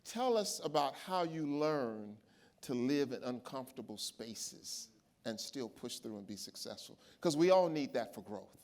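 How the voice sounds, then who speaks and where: A man's voice: mid-range voice, expressive, unhurried, darkish tone. A man moderating a conference panel, posing questions in a conversational way with fillers. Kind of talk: conference stage interview. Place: conference main stage before a live audience.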